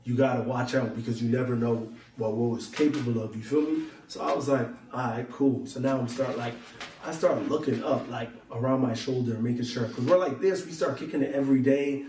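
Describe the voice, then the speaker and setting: A man's voice: mid-range voice, fairly quick, mellow, reverberant, recorded from a distance, a little hiss or hum. A young man telling a long story to his viewers in loose slang, acting out both sides of each conversation. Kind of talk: casual storytelling to camera.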